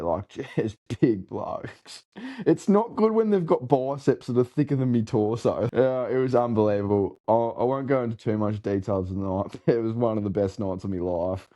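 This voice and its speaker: A man's voice: medium pitch, warm tone. A young Australian man telling a rambling party story in casual chat, laughing and swearing a lot. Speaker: co-host telling a road-trip story.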